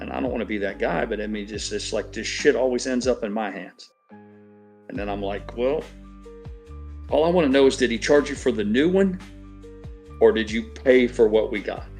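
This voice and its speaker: A middle-aged man with a fairly low voice rants through a long, aggrieved story, swearing freely in casual chat. Faint music plays behind him. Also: vocal fry. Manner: profane, ranting, aggrieved storytelling. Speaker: stream regular.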